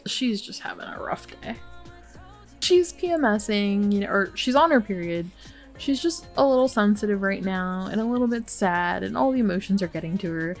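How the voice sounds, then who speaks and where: A woman's voice: mid-range voice, lively intonation, normal speed, soft background music. A woman hosting a game let's play, commenting casually and sympathetically, with many fillers.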